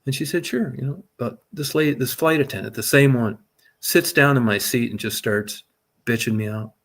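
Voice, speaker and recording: Middle-aged male storyteller, casual and profane, animated delivery, mid-pitched voice. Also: normal speed. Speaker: guest telling a story.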